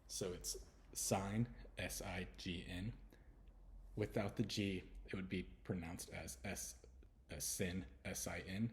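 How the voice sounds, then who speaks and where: A man from Houston, teaching letter sounds in a relaxed lesson and slowly repeating each sound. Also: deep voice. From Houston, Texas. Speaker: English pronunciation teacher. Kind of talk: casual spoken lesson.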